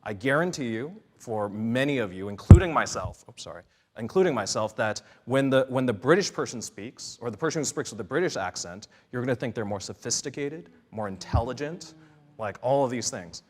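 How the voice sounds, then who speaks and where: A man's voice: medium pitch, expressive, a little fast, a little mellow, slight background noise. A man speaking as a panelist in an earnest, searching way, with many fillers, restarts and "right?" tags. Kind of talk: panel discussion talk. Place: church hall. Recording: long hall reverb.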